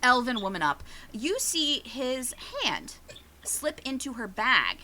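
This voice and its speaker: A woman runs a tabletop game in an animated, giggly narration full of little fillers. Her voice sits high and swings widely, bright and forward, over faint background noise. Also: slow pace. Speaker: game master.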